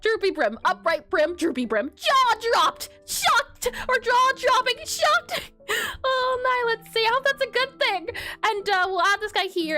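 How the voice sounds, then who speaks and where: Very high-voiced woman drawing on stream. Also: fairly bright tone. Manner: thinking aloud, chatty, giggly. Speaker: pixel art streamer. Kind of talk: casual live-stream drawing commentary.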